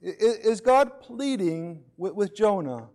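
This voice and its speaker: A man's voice: high voice, lively intonation, a little slow, darkish tone. A man preaching a sermon in a conversational way, often repeating words as he starts a phrase. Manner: acts out voices of others in his examples.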